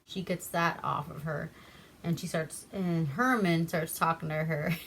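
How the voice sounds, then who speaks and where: A woman from Alaska hosting a casual movie recap. She rambles, swears freely and keeps a deadpan tone. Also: deep voice, takes it slowly, vocal fry, slight background noise. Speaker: host.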